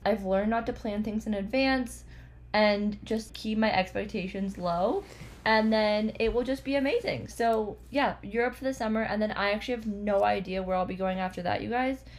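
Chatty hoarse woman podcast host. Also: medium pitch, moderate pace. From Canada. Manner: chatty and upbeat, laughs easily. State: hoarse, losing her voice. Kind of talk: casual chat.

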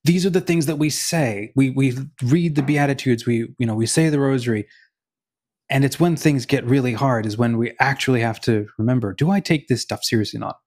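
Male podcast co-host, mid-pitched, casual storyteller who acts out quotes. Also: fairly quick, darkish tone. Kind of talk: casual conversation on faith.

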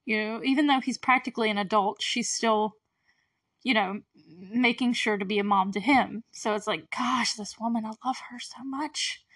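Recapping a show on her casual solo podcast, a woman with a somewhat high, slightly bright voice talks at a normal speed. The recording is dry and the mic distant. She's effusive and chatty, laughs frequently, and briefly mimics characters in put-on voices.

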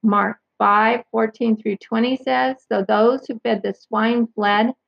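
A woman reads Bible passages aloud and comments on them, stopping often to clarify who is meant. Her voice sits a little high, with a gravelly, husky edge. The recording is dry and dull, with a lo-fi sound. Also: fairly even intonation, takes it slowly, no room sound. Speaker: Bible teacher. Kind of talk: reading scripture aloud with commentary.

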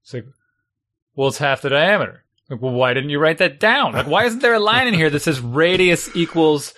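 A middle-aged man in casual chat, a parent venting about homework in an exasperated, animated way. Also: on the high side, a little fast.

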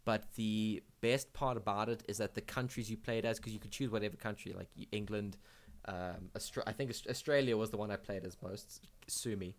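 A young man co-hosting a gaming podcast, chatting casually in an excitable, rambling way with lots of fillers and restarts. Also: on the low side, brisk. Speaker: podcast co-host. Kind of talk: casual chat.

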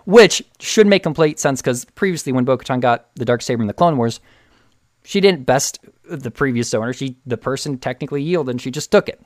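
A man casually retelling a TV episode with excitement, often restarting and repeating words. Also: medium pitch, dry recording, studio quality. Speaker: show recap host.

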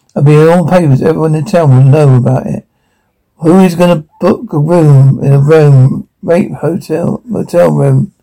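A man's voice: on the high side, gravelly, mellow, poor audio. A man voicing a frantic, controlling middle-aged mother who barks urgent orders. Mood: bitter, anxious. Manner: urgent, bossy, panicky.

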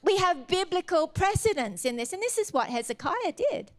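A woman's voice: extremely high pitch, sing-song, normal speed. A woman preaching a sermon, retelling scripture with earnest, exhorting emphasis.

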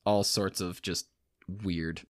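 A man's voice: low-pitched, steady tone, slow, a bit bright, clear, resonant tone, no echo. Man, podcast co-host, reads news bits, wry asides, dry recording. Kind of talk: casual podcast chat.

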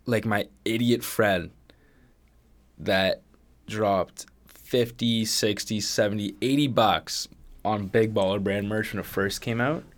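A man's voice: fairly low pitch, slow pace. A man co-hosting a casual podcast, telling stories animatedly and swearing a lot. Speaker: podcast co-host. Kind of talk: casual chat.

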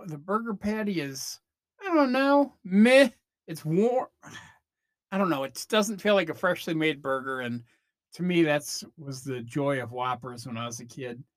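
A man's voice: high voice, a bit bright, dry recording. A man in his fifties hosts a podcast, rambling through stories in an offhand, chatty way and dropping mild curses as he goes. The recording is close and dry, with no room sound around his voice. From Northern Illinois, USA. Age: 50s. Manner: chatty, meandering, swears casually. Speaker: podcast host. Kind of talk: casual rambling monologue.

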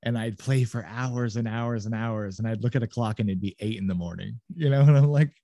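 A man guesting on a podcast, easygoing and quick to laugh in casual chat. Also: mid-range voice, dark tone, no echo, studio quality.

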